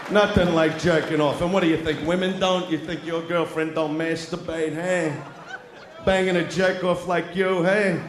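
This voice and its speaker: Loud male stand-up comic, crude crowd work, live show with a noisy, echoing audience. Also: high voice, fairly even intonation, normal speed. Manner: loud, brash, taunts the audience, often shouting. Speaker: stand-up comedian. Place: large live venue with an audience.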